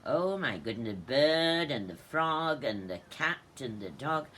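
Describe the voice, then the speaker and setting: Teacher lady reading a picture book to kids, slow and lively, bright voice. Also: a bass voice, slight background noise. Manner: animated, pointing out pictures.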